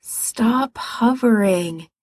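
A woman's voice: on the high side, a little slow, warm tone, husky, no room sound. A woman voicing a tired young man who speaks firmly while caring for the sick. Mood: weary. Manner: weary, firm, caretaking.

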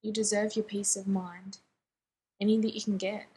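A woman reading the part of a grieving young man who pleads softly and apologetically to his younger brother in a fan fiction reading. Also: medium pitch, little pitch movement, normal speed, husky. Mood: pleading.

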